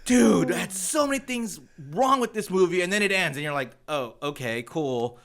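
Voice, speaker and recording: A man's voice: sits high, sing-song, fairly quick, a bit bright. A man co-hosting a podcast in casual chat, ranting with profane, mocking humor. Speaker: podcast co-host.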